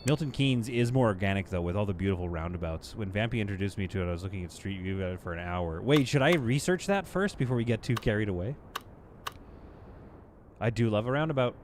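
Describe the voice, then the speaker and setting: A man's voice: lowish voice, a little fast, slight background noise. Chatty man streaming a city builder. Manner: chatty, talks to the game and to chat, playful asides. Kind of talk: live gameplay commentary.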